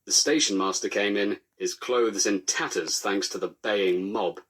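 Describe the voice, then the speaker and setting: A man giving dry, deadpan comic storybook narration. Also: lowish voice, measured pace.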